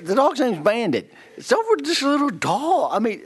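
A man's voice: very high voice, wildly swooping pitch, normal speed. A man in his fifties, a guest preacher telling a story in a sermon, laughing often and restarting his sentences. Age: 50s.

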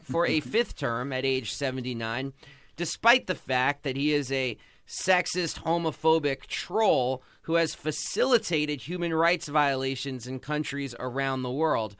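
A man's voice: a little high, pushed and bright, smooth, no echo, studio quality. A man hosting a podcast, giving passionate, sarcastic sports commentary. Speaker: podcast host.

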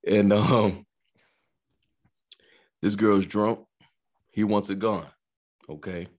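A man's voice: fairly low pitch, drawn-out words. A man, a police officer, co-hosting a podcast and telling a story in casual chat, acting out quotes as he goes. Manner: animated storyteller, acts out quotes with laughter.

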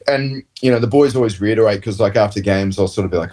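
A man's voice: lowish voice, steady tone, fast, hardly any pauses, a little mellow. A man, talking as a rugby player guest in a casual, rambling chat full of "mate" and "like". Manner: rambling, laid-back storytelling full of "mate" and "like".

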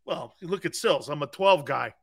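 A man's voice: a little high, expressive, moderate pace, vocal fry, a bit bright. A man hosting a sports talk show, brash and boisterous, laughing often as he riffs.

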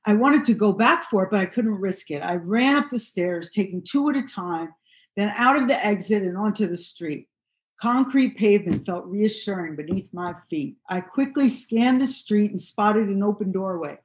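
Woman narrating a memoir, mid-pitched. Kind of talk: reading a first-person memoir aloud.

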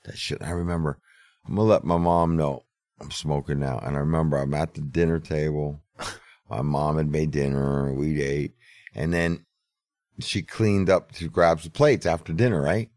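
A man's voice: extremely low pitch, steady tone, normal speed, a little mellow, no room sound, clean studio sound. A middle-aged man telling a story in casual podcast chat, laid-back and profane. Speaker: podcast host.

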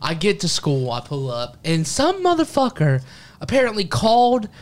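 A man's voice: high-pitched, normal speed. A young man hosting a casual podcast, telling a story with lots of swearing and acted-out quotes. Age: young adult. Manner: profane, animated storyteller acting out quotes.

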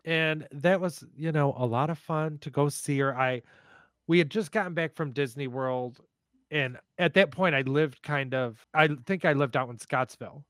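Guy on a podcast telling animated family stories, dry close mic. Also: fairly high pitch, moderate pace, no echo. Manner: animated, profane storyteller. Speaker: podcast host. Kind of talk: casual storytelling.

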